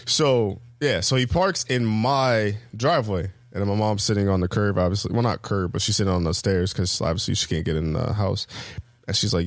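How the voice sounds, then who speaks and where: A man's voice: a little fast, dry recording. A man co-hosting a podcast, telling a story in a casual, profane way, full of fillers and restarts, now and then mimicking others. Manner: animated storyteller, acts out quotes with loud high bursts. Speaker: podcast co-host.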